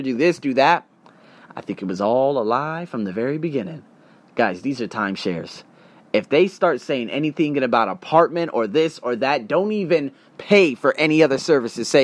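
An animated young man rants through a story into a close, dry mic, his voice jumping up and down in pitch. He swears freely and slips into quick impressions of the people he meets. His voice sits a little high. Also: no echo. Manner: animated, profane, acts out other people's voices. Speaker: podcast host. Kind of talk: casual storytelling rant.

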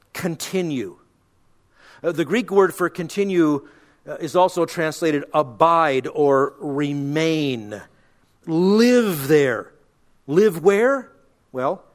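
A middle-aged man, a pastor, giving earnest, emphatic radio Bible teaching with frequent restarts. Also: on the high side.

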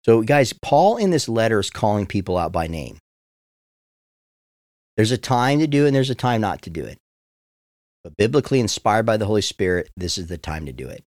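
A man's voice: lowish voice, big pitch swings, fairly quick, long pauses, darkish tone, no echo, clean studio sound. A man in his forties, a pastor teaching the Bible on a podcast in an earnest, heartfelt way, often speaking straight to his listeners.

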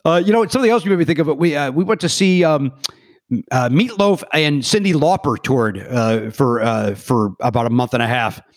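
A man's voice: mid-range voice, a little fast, no echo. Rambling storyteller man, dry close sound. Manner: rambling, self-correcting, animated quoting. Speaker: podcast guest. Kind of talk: casual storytelling chat. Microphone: remote podcast mic.

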